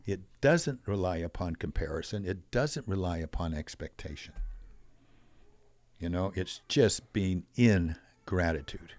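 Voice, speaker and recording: An older man telling stories as a podcast guest, animated, acting out quoted voices. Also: deep voice, unhurried, no room sound. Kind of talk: storytelling in a conversational interview.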